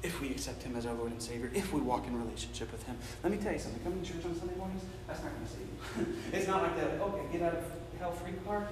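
A man preaching a sermon, swinging from hushed, intimate asides to impassioned, shouted climaxes. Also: medium pitch, very fast, few pauses, noisy background. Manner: builds from quiet intimacy to shouted passion. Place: church sanctuary. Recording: echoey hall with long reverb.

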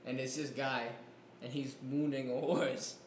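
A man's voice: medium pitch, little pitch movement, measured pace, darkish tone. A young man, a bit drunk, telling a rambling story in casual chat, swearing and laughing often. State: tipsy. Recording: echoey room, faint noise.

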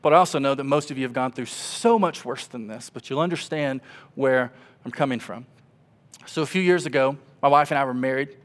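A man in his twenties, a pastor, preaching a sermon as an emotional story, swinging from loud animated passages to hushed ones. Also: mid-range voice, a little fast.

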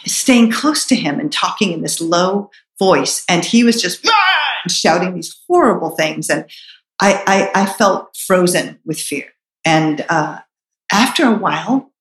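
A woman's voice: fairly low pitch, reverberant, low-quality recording. A middle-aged woman telling a personal story in a reflective, earnest way, with hesitant restarts.

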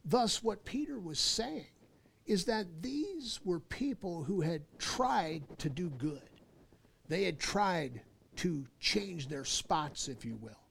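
A man preaching a sermon in an emphatic way, repeating key phrases and slowing down to stress words. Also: high-pitched, lively intonation, creaky, husky.

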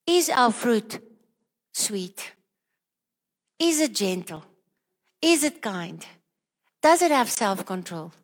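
Woman preacher, high voice, earnest rhetorical questions, sermon, long hall reverb. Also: very animated, takes it slowly, long pauses.

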